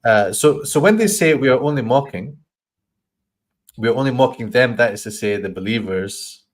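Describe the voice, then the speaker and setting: A man teaching a Quran study session, explaining verses with thoughtful pauses and reciting Arabic lines quickly. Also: mid-range voice, lively intonation. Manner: thoughtful, stops to search for words, acts out voices in quoted lines.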